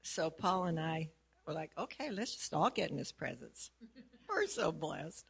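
A woman's voice: low voice, expressive, a little slow, vocal fry, husky. A woman who works as a prayer facilitator, sharing her experience casually and earnestly, laughing often as she talks. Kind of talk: casual testimony.

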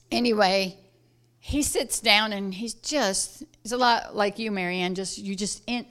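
A woman from South Georgia, telling a personal story in casual talk, animated and acting out the voices of the people in it. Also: mid-range voice. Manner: animated, acts out quoted voices loudly, laughs while telling. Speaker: guest telling a testimony.

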